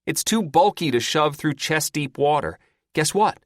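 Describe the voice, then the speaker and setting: A man's voice: fairly high pitch, expressive, unhurried, no echo, clean studio sound, voice pushed up. A male audiobook narrator voicing a blunt, bossy teenage girl in a raised, snappy voice. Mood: matter-of-fact.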